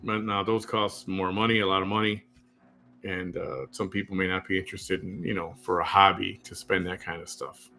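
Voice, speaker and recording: A man hosting a talk show, chatting casually and getting animated and emphatic. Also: low-pitched, normal speed. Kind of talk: casual on-air conversation.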